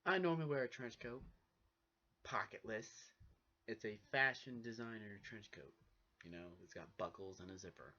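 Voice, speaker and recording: A young man vlogging casually, telling a personal story in an animated way and acting out what people said. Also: mid-range voice. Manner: animated, acts out the dialogue of people in his stories. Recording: dull lo-fi recording.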